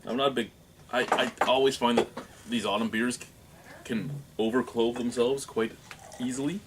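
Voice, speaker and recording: A man's voice: medium pitch, fairly even intonation, moderate pace, very noisy. A man hosting a casual beer-tasting show, joking around with friends and describing aromas in detail. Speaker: beer review host.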